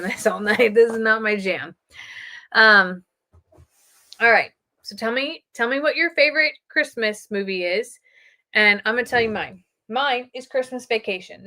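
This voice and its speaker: A middle-aged woman hosting a casual live stream, chatting excitedly with her viewers. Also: medium pitch.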